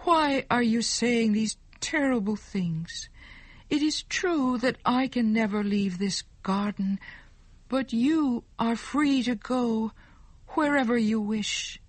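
A woman voicing a sweet, innocent young woman who pleads in a high voice, in a slow storybook reading. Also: dry recording. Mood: hurt. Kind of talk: storybook narration.

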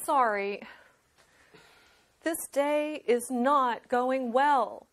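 An American woman in a scripted English lesson dialogue, speaking clearly and a little apologetically. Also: sits high, extremely slow. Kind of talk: slow scripted dialogue for learners.

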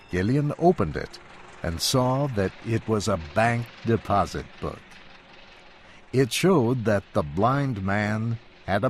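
Low-voiced guy reading a story really slowly, faint music behind. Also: a little hiss or hum. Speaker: narrator. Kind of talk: scripted narration of a story.

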